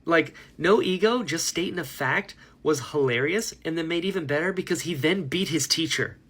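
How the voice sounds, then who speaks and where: A book vlogger talks casually to camera about what he's reading, rambling enthusiastically and laughing at himself. His voice is a little high, fairly bright and slightly rough, at a moderate pace.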